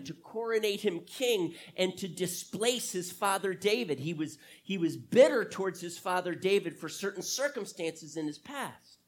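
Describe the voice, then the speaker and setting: A male pastor preaching a sermon to his church, emphatic, asking rhetorical questions and stretching out key phrases. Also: high-pitched.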